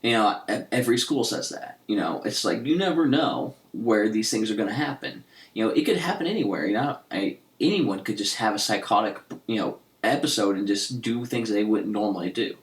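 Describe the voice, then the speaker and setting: A man's voice: fairly low pitch, animated, fairly quick. A man co-hosting a casual podcast chat, rambling with lots of "you know" and "he's like". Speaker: podcast co-host. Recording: echoey room.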